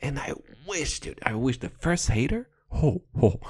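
Man, young adult, non-native English speaker, podcast host, crude comedic rant, very animated pitch, close mic. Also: unhurried, few pauses, breathy edge. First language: not English. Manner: profane, rambling, playful, laughs a lot. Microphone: close podcast microphone.

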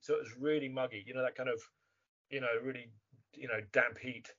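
A man with an English accent chatting as a guest in an interview, animated and imitating other voices as he tells stories. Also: mid-range voice, a little fast. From England. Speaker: guest actor. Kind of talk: casual interview chat. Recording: muffled lo-fi remote audio.

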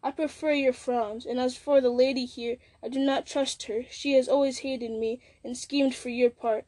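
A woman's voice: high voice, steady tone, moderate pace, a little mellow, lightly acted. A woman reading the lines of a bitter, scornful old male wizard, with a sneering, mocking manner.

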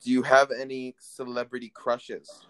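A man's voice: medium pitch, monotone, normal speed, a bit bright, smooth. A young man hosting a casual chat, teasing his guest and joking about himself. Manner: joking, self-deprecating. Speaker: host.

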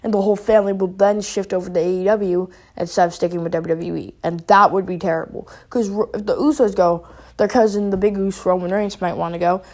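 Woman, vlogger, casual rant, rambling, filler-heavy, dark mellow voice. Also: mid-range voice, fairly even intonation, brisk. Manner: rambling, with many fillers and restarts. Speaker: wrestling vlogger.

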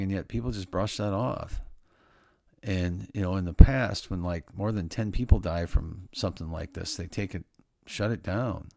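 A middle-aged man with a low, gravelly voice gives casual Christian commentary. He sounds earnest and preachy and often stops to restart a thought. The recording is close and dry, with no room sound. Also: darkish tone, dry recording.

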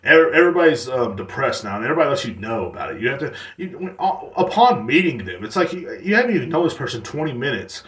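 A man's voice: mid-range voice, sing-song, fast talker, hardly any pauses, fairly bright tone. A man hosting a podcast, ranting casually in a rambling, profane way with many restarts. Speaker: podcast host. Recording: roomy sound, distant from mic.

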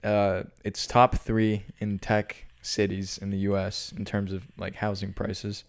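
A man's voice: fairly low pitch, monotone, a little slow, gravelly. A young man co-hosting a podcast in casual chat, laid-back, steering the talk to new topics. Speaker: podcast co-host.

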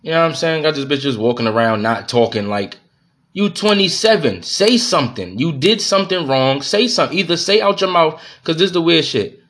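A man's voice: on the high side, expressive, fairly quick, fairly bright tone. Heated, cursing man venting. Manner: profane, heated, repeats himself. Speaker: podcast host. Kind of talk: venting monologue.

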